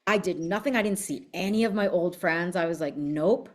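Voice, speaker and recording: A woman's voice: on the low side, a little fast. A woman giving a casual motivational talk as a business coach, telling her story in a blunt, fiery, profane way. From United States.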